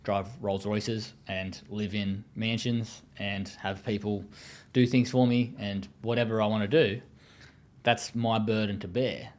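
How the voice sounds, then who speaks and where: A man's voice: lowish voice, steady tone, unhurried, a little mellow. An Australian man speaking as an interview guest, telling his story in a blunt, profane, casual way with many fillers.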